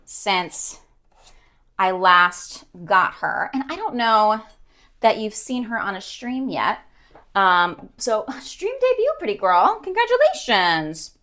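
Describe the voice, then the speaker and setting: Giggly young woman rambling on her stream, lots of ums, middle pitch. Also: sharp tone. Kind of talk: casual chat on a stream.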